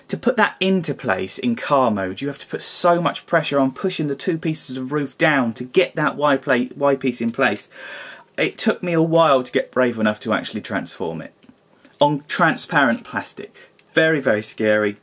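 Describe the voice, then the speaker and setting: A man's voice: mid-range voice, a bit bright, husky. A man giving a casual hands-on toy review, grumbling and exasperated, with mild swearing.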